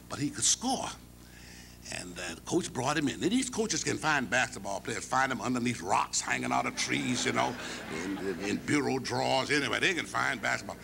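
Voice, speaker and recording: An older man giving a humorous storytelling speech at an academic convocation, folksy and animated, chuckling as he goes. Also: medium pitch, vocal fry, a little hiss or hum. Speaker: convocation speaker.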